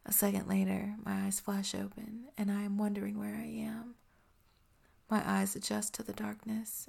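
A woman narrating a whispered role-play in a soft, slow, intimate whisper, close to the mic. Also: medium pitch, gravelly, breathy edge.

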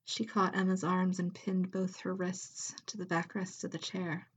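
A woman narrating an intimate audio story in a soft, breathy voice that drifts into whispers. She reads slowly and evenly, keeping her pitch level with little movement. The delivery is hushed and close throughout. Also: completely flat delivery. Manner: soft, slow, often whispered.

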